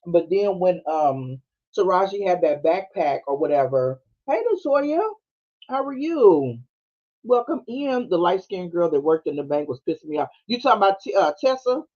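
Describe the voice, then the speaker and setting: A high-pitched man hosts a casual podcast, chatting through a movie scene by scene with a Black flavor. He acts out the characters' lines and breaks into laughter often. The sound is a bit dull and lo-fi. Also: brisk. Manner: animated storytelling with frequent laughing and quoted voices. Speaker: podcast host. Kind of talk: casual movie recap chat. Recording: dull lo-fi streaming audio.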